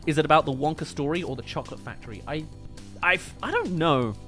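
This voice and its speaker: Brief: British male streamer, fairly high and very animated, casual chatty movie commentary. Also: faint music behind. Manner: chatty, answers viewer comments with quick jokes. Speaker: movie review livestream host.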